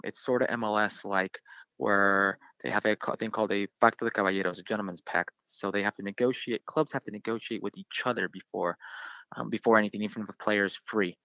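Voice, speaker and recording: A man's voice: lowish voice, a bit bright, dry recording, highs cut off. A man in his thirties, a soccer player, animatedly telling a story in an interview with lots of fillers. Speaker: guest, professional soccer player.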